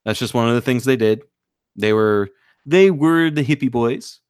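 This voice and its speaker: A man's voice: medium pitch, moderate pace, clean tone, no echo. A man co-hosting a casual podcast, recounting wild anecdotes with loose, profane energy and sudden emphasis. His voice sits mid-range, and the recording is dry with no room sound. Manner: profane, animated storyteller. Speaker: podcast co-host. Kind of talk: casual chat, storytelling.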